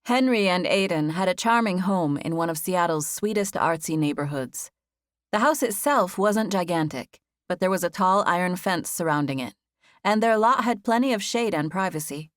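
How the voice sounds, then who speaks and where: Female audiobook narrator, gentle first-person storytelling, slightly low voice, dry studio mic. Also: animated, moderate pace, no room sound.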